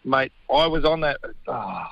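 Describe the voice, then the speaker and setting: A man's voice: medium pitch, lively intonation, unhurried, highs cut off. A middle-aged man with an Australian accent, a regular radio guest talking sport in blokey, laughing banter. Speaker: radio guest, former rugby player. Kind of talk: casual sports chat.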